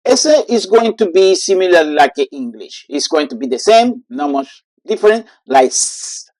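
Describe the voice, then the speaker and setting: Slow, halting teacher. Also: medium pitch, expressive, darkish tone, no room sound. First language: Spanish. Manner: halting, with many fillers, repeats words slowly for drilling. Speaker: Spanish teacher. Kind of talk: online language lesson.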